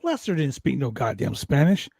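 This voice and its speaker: A man hosting a wrestling podcast, telling a road story with heavy swearing and lively energy. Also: medium pitch, normal speed, gravelly, slightly rough, no echo. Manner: animated, profane storyteller. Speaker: podcast host.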